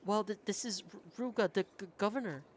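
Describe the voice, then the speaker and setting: A man voicing a nervous male advisor who stutters on almost every word, pitched higher than his own voice. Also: brisk, a little hiss or hum, close to an everyday voice. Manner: stuttering, hesitant.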